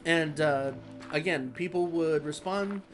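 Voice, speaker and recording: A man chatting casually over his gameplay, rambling and easygoing with many pauses. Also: fairly high pitch, fairly bright tone, soft background music. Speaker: gaming vlogger.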